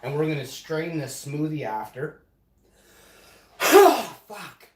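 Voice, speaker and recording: A man's voice: a little high, slow pace, darkish tone. A man live streaming from his home kitchen, swearing heavily in an indignant casual rant. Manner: profane, ranting, indignant. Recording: roomy echoey room sound.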